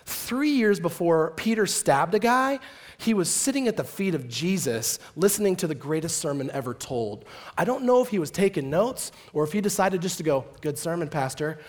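A middle-aged male pastor with a high voice delivers a casual sermon full of jokes. He swings between quiet reflection and loud, emphatic bursts.

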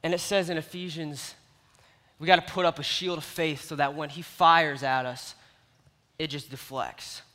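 A man preaching a sermon, telling a parable with lively, animated storytelling that swings between loud and quiet. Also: fairly high pitch, normal speed. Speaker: youth pastor. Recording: long reverb of a large hall.

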